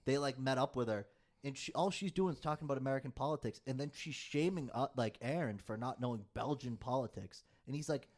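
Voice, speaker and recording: A young man holding forth on a podcast. His voice sits in an ordinary middle pitch, and he rambles from one rant to the next, swearing freely. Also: fast, darkish tone. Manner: profane, rambling rants. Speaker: podcast co-host. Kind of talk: casual chat.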